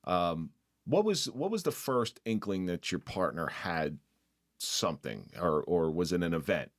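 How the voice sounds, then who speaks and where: A man's voice: low voice, very animated, a little slow. A middle-aged man hosting a podcast in casual conversation. He jokes and teases, and often restarts his sentences. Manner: joking, teasing, with frequent restarts. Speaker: podcast host.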